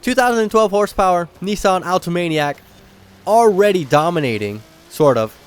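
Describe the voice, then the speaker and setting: Excitable young man doing game commentary. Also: sits high, normal speed, clean tone. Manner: excitable, slangy, bursts of shouting at rivals. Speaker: gaming channel host. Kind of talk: casual gameplay commentary.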